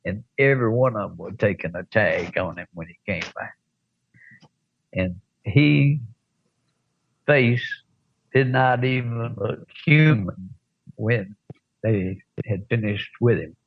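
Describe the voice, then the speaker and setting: An older man, telling a rough anecdote as an interview guest with chuckles and blunt profanity. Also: on the low side, slow, pauses often, narrow, tinny audio. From American South. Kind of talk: storytelling in an interview.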